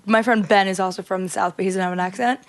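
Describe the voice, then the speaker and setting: A woman's voice: mid-range voice, fairly even intonation, fast. A woman co-hosting a podcast over a live video call, chatting casually, restarting her sentences and drifting into tangents. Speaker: podcast co-host. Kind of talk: casual chat.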